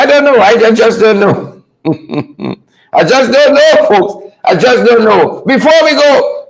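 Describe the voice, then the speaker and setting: A man's voice: extremely high pitch, gravelly, poor audio. A man hosting a casual commentary show, repeating his phrases, drawing them out and chuckling. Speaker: host.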